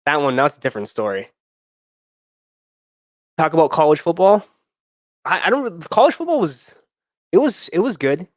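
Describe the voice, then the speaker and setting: A man's voice: fairly high pitch, big pitch swings, normal speed, long pauses, no echo, studio quality. A young man hosting a stream, telling a story in a loose, rambling way with many fillers and restarts. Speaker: sneaker channel host.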